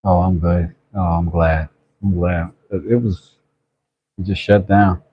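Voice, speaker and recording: A man's voice: sits low, flat delivery, a little slow, lo-fi sound, a little hiss or hum. A man hosting a laid-back livestream, chatting and greeting viewers. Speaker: livestream host. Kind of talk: casual livestream chat.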